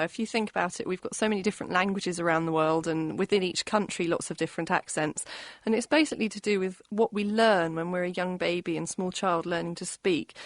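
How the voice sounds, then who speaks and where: A woman guest on a radio science show, answering questions in a relaxed way with some fillers. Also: on the low side, dry recording.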